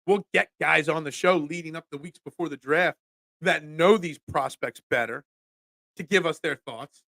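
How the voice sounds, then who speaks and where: A man hosts a morning sports talk stream, and his voice sits high and bright. He rants in an animated way and pokes fun at himself. The close mic gives a dry sound with no room echo. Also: moderate pace, gravelly. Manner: animated, ranting, self-deprecating. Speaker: sports talk show host.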